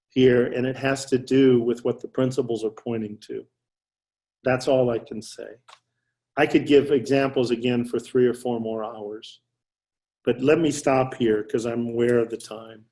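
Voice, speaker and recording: A man's voice: medium pitch, warm tone. An older man, a psychiatrist guest, telling clinical stories in a loose, anecdotal way, often restarting mid-sentence. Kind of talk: casual storytelling interview.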